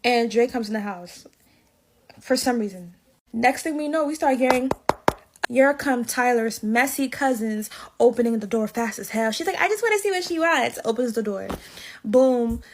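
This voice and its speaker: Female storyteller with a slightly high voice, casual and slangy, full of energy. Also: normal speed, background noise. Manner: slangy, lively storytelling that acts out the people in it.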